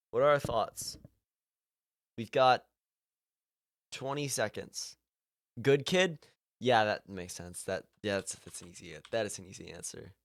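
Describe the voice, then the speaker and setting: A man's voice: lowish voice, a bit bright, no echo, studio quality. A young man chatting casually on a live stream, rambling and often laughing at himself. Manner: rambling, self-amused, breaks into laughter often. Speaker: livestreamer.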